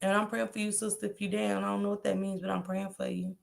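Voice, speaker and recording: Speaking quickly with vocal fry, a woman hosts an easygoing livestream where she reads viewer comments aloud and chats with her audience. Her mid-range voice barely moves in pitch, and her slangy, salty talk includes plenty of swearing and laughs.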